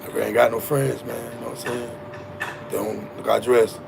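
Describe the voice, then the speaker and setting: A man's voice: medium pitch, level tone, normal speed, vocal fry, noisy background. A man doing a shy, lonely boy. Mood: sad. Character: shy poor young boy, lonely and quiet.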